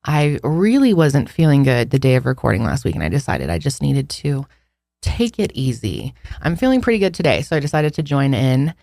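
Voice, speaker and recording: Breathless, gravelly woman podcast co-host. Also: extremely low pitch, very animated, fairly quick, mellow, no echo, clean studio sound. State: short of breath. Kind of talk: casual chat.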